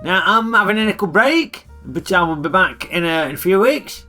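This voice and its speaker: A man's voice: high voice, expressive, normal speed, sharp tone, faint music behind. A middle-aged man with a Northern English accent giving blunt, grumbling film reviews in a comic character vlog.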